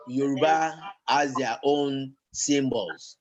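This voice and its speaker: A man teaches a class at a measured, unhurried pace. He keeps stopping on fillers and repeating words as he explains. His voice sits in an ordinary middle pitch for a man. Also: lo-fi sound, crowd noise. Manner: slow, halting, with many fillers and repeated words. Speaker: Yoruba language teacher. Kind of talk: classroom lesson.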